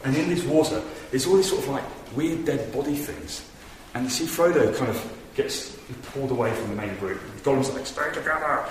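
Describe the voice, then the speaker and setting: A man's voice: mid-range voice, lively intonation, moderate pace, few pauses, darkish tone. A man giving an earnest, conversational sermon in a church hall, telling stories with animation. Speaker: preacher. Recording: echoey hall from far off with noise.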